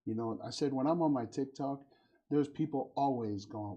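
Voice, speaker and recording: A man's voice: medium pitch, normal speed, breathy edge, dull audio. A middle-aged man hosting a casual talk show, telling stories and acting out the voices of the people in them. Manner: warm storytelling, acts out quoted voices. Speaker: podcast host. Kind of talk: casual conversation.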